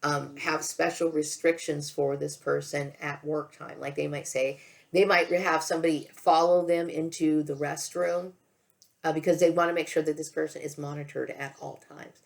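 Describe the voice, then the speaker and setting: Upset woman vlogging, real low voice with lots of fry, keeps saying okay and repeating herself. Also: fairly even intonation. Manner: halting, repeats words, often says okay. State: tearful, emotional. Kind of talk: emotional personal monologue to camera.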